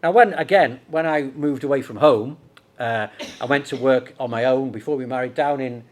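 Speaking at a moderate pace in a mid-range voice, a middle-aged Scouse-accented preacher from Liverpool, England, delivers a conversational sermon full of rhetorical questions.

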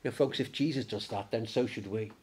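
A man preaching a sermon in church, lively and conversational, raising his voice when he acts out the disciples. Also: on the low side, fairly quick, breathy edge. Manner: animated, acts out the disciples in a raised voice.

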